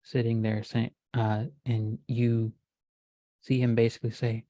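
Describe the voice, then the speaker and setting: A woman's voice: rumbling low, flat delivery, warm tone. Woman narrating as game master. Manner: descriptive, measured narration.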